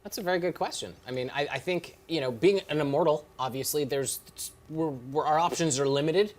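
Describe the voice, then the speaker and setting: A man's voice: a little high, a little fast. A man co-hosting a casual TV fan panel, hedging and restarting as he talks. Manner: hesitant, many fillers and restarts. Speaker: guest host.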